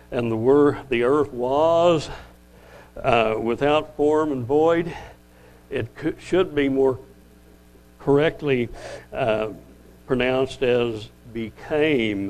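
An older man giving a conversational Bible-teaching sermon, often restarting sentences and slowing down to read scripture. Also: medium pitch, darkish tone, low-quality recording. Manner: rambling, self-correcting, conversational; slows down to read scripture aloud. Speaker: lay preacher.

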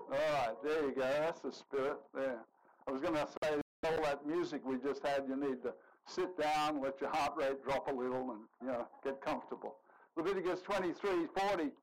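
A man's voice: a little high, a little hiss or hum, low-quality recording. A man preaching a sermon in a conversational way, joking with the congregation.

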